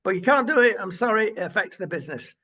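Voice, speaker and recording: A man's voice: high voice, lively intonation, quick pace, pushed and bright. A man co-hosting a casual current-affairs chat, opinionated and rambling with lots of uhs. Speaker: co-host. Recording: dull lo-fi sound.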